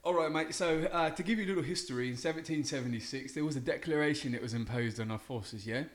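A man doing a prim, self-satisfied young Englishman with a put-on English accent, talking in a slightly raised register. He stays deadpan and proper while saying silly things, all in an improvised comedy style. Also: a little high, fast talker, natural voice. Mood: smug.

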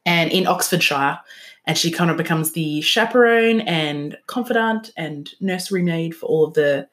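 A woman's voice: deep voice, moderate pace. A woman chatting casually about books on a podcast, giggly and trailing off with ums. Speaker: book podcast co-host.

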